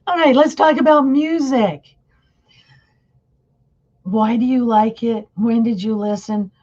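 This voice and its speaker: A woman's voice: a little high, slow pace, darkish tone. Chatty woman presenting over muffled audio. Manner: chatty, asks the audience questions. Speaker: conference presenter. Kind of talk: casual webinar talk.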